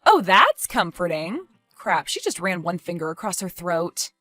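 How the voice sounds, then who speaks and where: A frantic, anxious babysitter. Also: female voice, fairly low pitch, big pitch swings, bright, forceful tone, soft background music, exaggerated voice. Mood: nervous. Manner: frantic, pleading, quick to raise her voice. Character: anxious young woman babysitting, easily alarmed. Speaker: stepmother-to-be left babysitting. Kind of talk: animated story voice acting.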